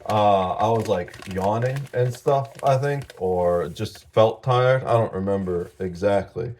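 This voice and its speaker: A sleep-deprived man in a casual vlog, talking in a halting, rambling way and short of breath. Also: lowish voice, darkish tone. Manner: rambling, halting, with fillers and laughs. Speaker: vlogger.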